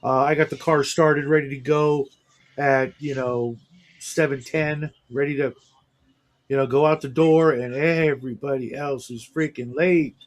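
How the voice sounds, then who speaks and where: A man's voice: mid-range voice, steady tone, a little slow. A man hosting a casual morning livestream chat, rambling and self-deprecating with lots of fillers. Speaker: livestream host.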